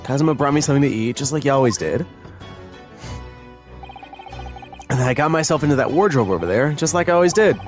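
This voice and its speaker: A man's voice: medium pitch, animated, rapid-fire, natural voice. A man reading game dialogue aloud as an earnest, flustered young male defendant, in a pleading, emphatic manner. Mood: worried. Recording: faint music behind.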